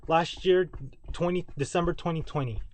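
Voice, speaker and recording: Speaking from his home basement at a moderate pace and fairly high pitch, this man rants and rambles straight to camera, circling back to repeat and fix his own words.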